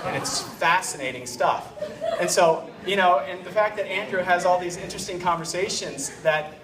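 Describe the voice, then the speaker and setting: A man's voice: high-pitched, normal speed. A man giving a rambling, joking wedding toast as the bride's uncle, heard from a distant microphone in a reception room. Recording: roomy and distant with clear room noise.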